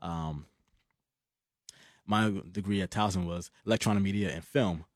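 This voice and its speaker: A man's voice: low-pitched, unhurried, dry recording, clean studio sound. A young man in casual chat, telling a story with lots of fillers and laughs.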